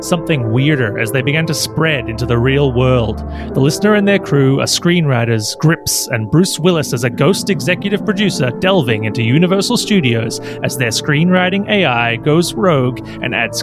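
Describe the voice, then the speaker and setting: A man reading a comedic story pitch on a podcast with a wry, deadpan touch. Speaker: podcast co-host. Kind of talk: reading a comedic pitch, then casual chat. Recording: podcast with music underneath.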